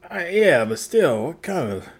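Playful, animated man on a podcast. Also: a little high, a little slow, slightly rough. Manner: playful, reactive, teasing. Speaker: podcast co-host. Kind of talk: casual podcast chat.

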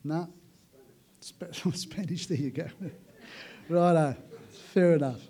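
Mellow-voiced male pastor. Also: fairly high pitch, slow pace. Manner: relaxed joking with the congregation. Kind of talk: sermon introduction.

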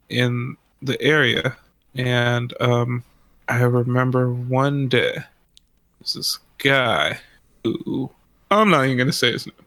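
A man's voice: medium pitch, vocal fry, fairly bright tone, no room sound. A man telling a long story in a casual, rambling way, swearing often and laughing as he goes. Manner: rambling, profane, laughs through his story.

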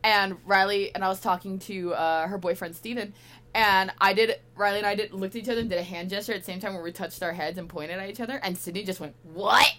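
A woman's voice: mid-range voice, steady tone, fast talker, fairly bright tone. A woman co-hosting a podcast, joking and swearing freely in casual chat. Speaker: podcast co-host.

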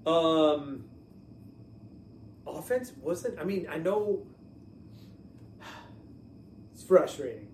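A man co-hosts a sports podcast in a laid-back, halting way. His voice sits a bit high. It sounds roomy and distant, with a faint hiss underneath. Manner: relaxed, hesitant, with many likes and ums. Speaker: podcast co-host. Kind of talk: casual sports podcast chat. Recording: echoey room, mic at a distance, faint noise.

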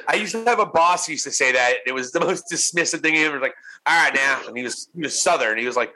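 A man co-hosting a loose, profane podcast chat with a bright, ringing voice. His pitch swings widely as he gets animated, and he keeps slipping into quick impressions of people. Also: rough recording. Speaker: podcast co-host. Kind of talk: casual wrestling podcast chat.

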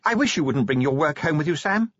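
A male narrator puts on a sturdy, aristocratic storybook wife with a high, earnest voice. She is warm yet steely underneath. The recording is dull and dry, with a slightly husky edge. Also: lively intonation, fast talker, no echo. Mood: teasing.

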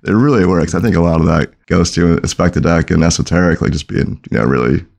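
Very deep, gravelly-voiced man. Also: fast, darkish tone. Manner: casual, filler-heavy, laid-back. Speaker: podcast co-host. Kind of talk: casual music discussion.

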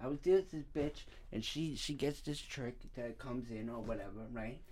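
A man hosting a podcast, telling a crude story in a loose, animated way, swearing freely and laughing at himself. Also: medium pitch, normal speed, slight background noise. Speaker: podcast host. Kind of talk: casual chat, storytelling.

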